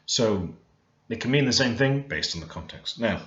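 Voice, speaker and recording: Man, low lively voice, relaxed casual explainer, self-correcting, roomy dull recording. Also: normal speed. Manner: relaxed, thinking aloud, with fillers and self-corrections. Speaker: language learner teaching Korean. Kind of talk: screen-recorded language lesson.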